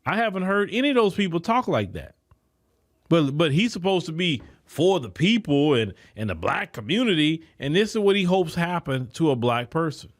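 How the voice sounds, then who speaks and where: A man's voice: fairly high pitch, sing-song, normal speed. A man hosts a podcast, delivering an indignant political commentary monologue and repeating words when heated. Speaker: podcast host.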